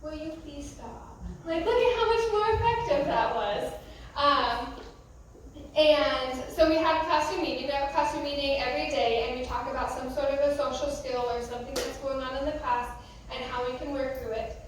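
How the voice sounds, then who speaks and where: A woman's voice: high-pitched, steady tone, moderate pace, slight background noise. A young American woman, a youth pastor, giving a casual, conversational talk with many fillers. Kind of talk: youth sermon. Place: church youth room. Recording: echoey room, from a distance.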